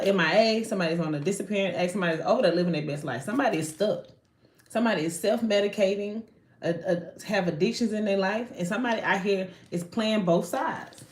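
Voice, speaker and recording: Animated slangy woman reading tarot live. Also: mid-range voice, echoey room. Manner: animated, slangy, swears, frequent self-interruptions. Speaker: tarot card reader.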